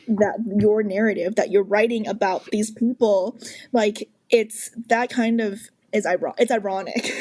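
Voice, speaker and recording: A woman's voice: medium pitch, darkish tone. A woman guest on a podcast, talking casually with many fillers and restarts. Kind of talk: casual chat.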